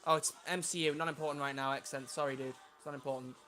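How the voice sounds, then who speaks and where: Young streamer at home, chatty and bright-toned, easily flustered. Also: male voice, fairly high pitch, steady tone, fast, faint music behind. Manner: chatty, flustered by tech trouble. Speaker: livestreamer. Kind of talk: casual livestream chat.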